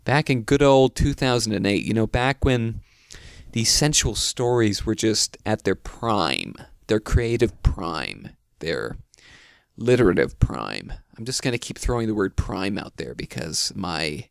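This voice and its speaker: A man's voice: lowish voice, sing-song, unhurried, creaky, clear, resonant tone, no room sound, studio quality. A man in his twenties, tired and with his mouth still healing from a pulled tooth, making sarcastic, mock-serious comments. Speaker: YouTuber reading stories aloud. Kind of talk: comedic reading with commentary.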